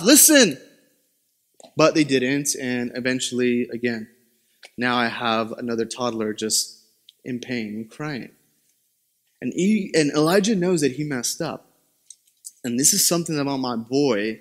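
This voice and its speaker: A young man preaching a sermon as pastor, telling a lively family story with self-deprecating humor and dramatic emphasis. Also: normal speed. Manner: dramatic pitch swings for emphasis.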